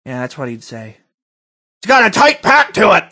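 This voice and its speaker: A man's voice: high voice, wildly swooping pitch, normal speed, pushed and bright, exaggerated voice. A man putting on the voice of a pompous, smug older male radio pundit, drawling.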